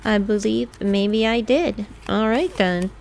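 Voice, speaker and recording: Slow-talking woman giving a chatty tarot reading. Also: mid-range voice, creaky, a little mellow, a little hiss or hum. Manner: chatty, laughs often, acts out quoted lines; slow, drawn-out talk. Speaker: tarot reader.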